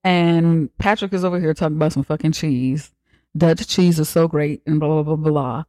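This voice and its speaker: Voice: mid-range voice, fairly even intonation, a little mellow, no echo. Podcast host recapping a movie, swears a lot, jokes and snarks, dry close sound. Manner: profane, joking and sarcastic; acts out characters' lines in quick asides.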